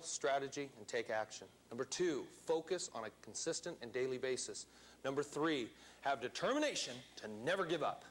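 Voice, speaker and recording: A male seminar speaker delivers a motivational talk to a live room. His voice sits a little high for a man, and he speaks emphatically, quizzing the audience as he goes. A faint hum of ambience sits behind him.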